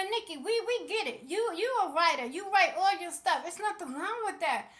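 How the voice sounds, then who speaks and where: High-pitched female vlogger, heated celebrity commentary, sassy and outspoken. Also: a bit bright. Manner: passionate, sassy, speaks straight to people.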